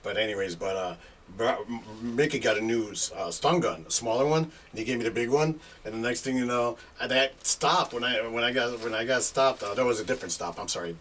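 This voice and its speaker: A man's voice: medium pitch, a little fast, fairly bright tone. A middle-aged man spins loose, rambling stories, chuckling and tossing in asides as he goes. His voice sits in an ordinary middle register. He sounds a little far from the mic, with a faint hiss behind him. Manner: rambling, laughing storyteller full of filler asides. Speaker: guest DJ. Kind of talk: casual storytelling. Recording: distant mic with faint background noise.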